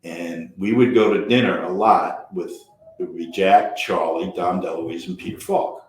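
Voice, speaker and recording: An older actor telling animated backstage stories in a casual chat, acting out quotes and swearing freely. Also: male voice, low voice, normal speed, reverberant. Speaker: actor guest. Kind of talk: storytelling over drinks.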